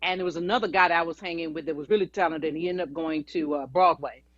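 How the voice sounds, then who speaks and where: A woman's voice: fairly low pitch, quick pace, a bit bright, no room sound. A woman guest, a singer and actress, telling chatty, anecdotal stories in an interview. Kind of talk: storytelling interview. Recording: dry, dull lo-fi audio.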